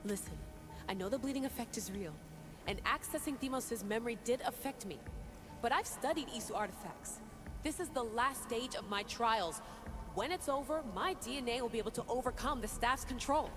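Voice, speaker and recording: A woman's voice: fairly high pitch, fairly quick, close to an everyday voice. An actress playing a determined young woman researcher in a video game cutscene, speaking earnestly and insistently. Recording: reverberant game audio over music.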